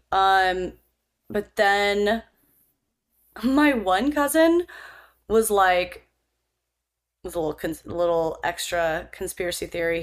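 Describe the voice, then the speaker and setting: Young woman cohost, wry and rambly, swears casually, mid-pitched voice. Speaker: podcast co-host. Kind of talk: casual chat.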